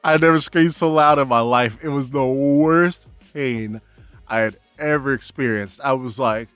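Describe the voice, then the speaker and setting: Animated young man telling a story. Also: medium pitch, a little slow, smooth, no echo, faint music behind. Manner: animated, laughing, acts out his own shouts. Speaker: vlogger. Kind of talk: casual storytelling vlog.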